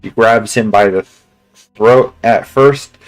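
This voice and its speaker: A man's voice: on the low side, takes it slowly, soft background music, low-quality recording. A male streamer casually retelling a story in a rambling way, full of restarts and filler words. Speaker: game streamer.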